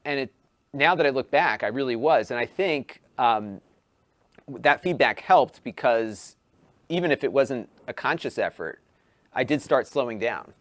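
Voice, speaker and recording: This medium-pitched man hosts a tech channel on YouTube and takes an unhurried pace in a casual podcast conversation. He's animated, often restarts his sentences, and pitches up for quotes, all in a dry recording.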